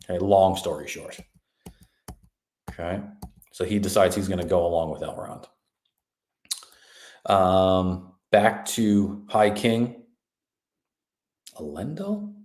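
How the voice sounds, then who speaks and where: Deep-voiced rambling man. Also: fairly even intonation, takes it slowly, pauses often, darkish tone. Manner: rambling, forgetful, laid-back. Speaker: podcast host. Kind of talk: casual episode recap. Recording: echoey room.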